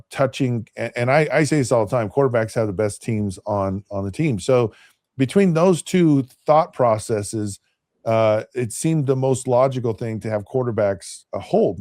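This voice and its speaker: A man in his fifties with a relaxed, mellow tone tells a long story in a loose, chatty way, often circling back and restarting his sentences. The sound is close and dry, with no room around it. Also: medium pitch, moderate pace, dry recording. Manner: rambling, with frequent restarts and repeated words. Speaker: podcast host and former NFL quarterback. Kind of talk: casual anecdotal storytelling.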